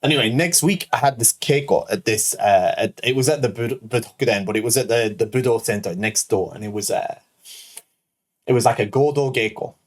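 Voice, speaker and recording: A man's voice: medium pitch, fairly quick. A man in his thirties, a show host, telling a rambling personal anecdote full of "like" and "right?". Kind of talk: casual storytelling.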